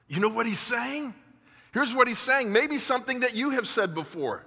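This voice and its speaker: A male pastor with a high, bright, ringing voice preaches an earnest, impassioned sermon. His voice carries with a long reverb through a church hall. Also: animated, normal speed, vocal fry, husky. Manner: earnest, impassioned preaching that drops to a soft, hushed tone.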